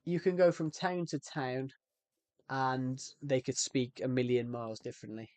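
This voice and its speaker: A man's voice: medium pitch, fairly even intonation, moderate pace, a little mellow, no room sound. A young man with a West Country accent, chatting casually on a live stream, rambling and repeating himself with frequent restarts. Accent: West Country English.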